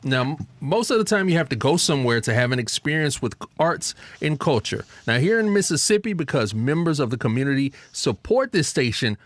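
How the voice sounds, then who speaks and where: A man delivering a playful, energetic fundraising pitch for a radio station. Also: a little fast, hardly any pauses, no room sound.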